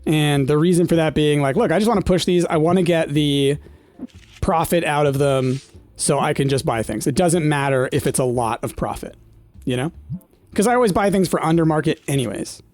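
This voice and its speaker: A man's voice: a little high, fairly quick, darkish tone, no room sound. A man in his thirties chatting casually while playing a game, rambling and nostalgic with lots of fillers. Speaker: gaming streamer. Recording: dry close mic with faint game music.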